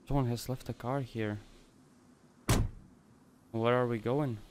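A man's voice: slow, noisy background. Swearing man streaming a survival game. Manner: swears freely, talks to himself and his viewers, bursts into high excited yelps. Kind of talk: casual gameplay commentary.

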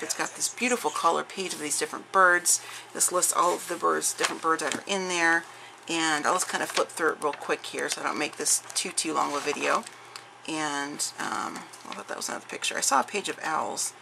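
Here the scratchy-voiced woman sits low in pitch, creaky and sharp in tone. Chatting to the camera at home about her craft haul, she rambles along, full of fillers and false starts.

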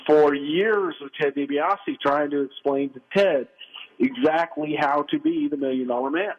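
A man calls in to a radio show from outside in the cold, and his fairly high voice comes through a dull, muffled phone line. He spins an anecdote with energy and slips into the voices of the people he describes. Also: moderate pace, breathy edge. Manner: animated storyteller, acts out quoted voices. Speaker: podcast host guest. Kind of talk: phone interview storytelling. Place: outdoors in the cold.

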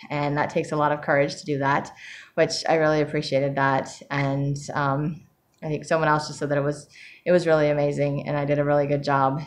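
Low-pitched woman vlogger, candid and reflective, loose chatty delivery with fillers. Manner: emotional, reflective, many fillers and soft laughs. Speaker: vlogger sharing her writing journey. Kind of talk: casual personal vlog.

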